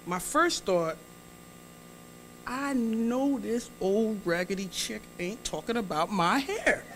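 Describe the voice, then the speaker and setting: Speaking slowly in a mid-range, slightly bright voice with lively intonation, a woman shares a funny story from the stage of a large hall. As the guest speaker, she banters with and teases the crowd, prompting them and performing the dialogue, over a faint hiss or hum.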